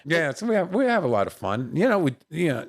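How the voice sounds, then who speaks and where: A male comedian sits in a podcast studio, telling road stories in a gravelly voice. His pitch rises and falls with lively swings as he acts out the other people in each tale. He keeps dropping in a casual "you know what I mean" as he goes. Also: quick pace. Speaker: guest comedian. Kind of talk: storytelling anecdotes in an interview.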